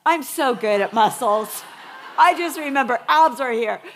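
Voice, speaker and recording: A woman preaching a sermon, telling a personal story with lively acted-out quotes and soft whispered emphasis. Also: high-pitched, a little slow, a little hiss or hum.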